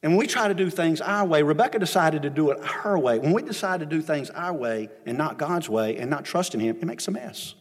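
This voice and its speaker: A man's voice: fairly high pitch, expressive, a little fast, hardly any pauses. A man preaching a sermon as a pastor, retelling the story with emphatic repetition, recorded in a church sanctuary with long reverb.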